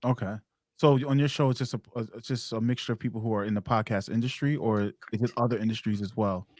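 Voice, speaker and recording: A man's voice: lowish voice, steady tone, fast, a little mellow, no room sound. A man with a New York accent interviewing a guest in a casual, easygoing way, joking and chiming in with short replies. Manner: easygoing, jokes and laughs, backchannels.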